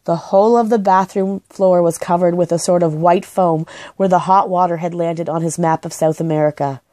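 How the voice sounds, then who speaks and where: A woman gently and expressively reading a children's book aloud. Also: lowish voice, fairly even intonation, normal speed, no room sound. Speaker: storybook reader.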